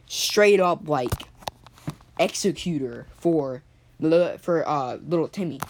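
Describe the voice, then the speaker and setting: A woman with a somewhat low voice tells an improvised story in a loose, rambling way. She backtracks and restarts often, and keeps clearing her throat from a cough. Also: a little hiss or hum. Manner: rambling, many fillers and restarts.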